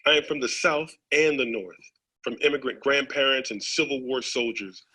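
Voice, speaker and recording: Husky man reciting a poem. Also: mid-range voice, bright, forceful tone, rough recording. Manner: measured, reciting lines in turn.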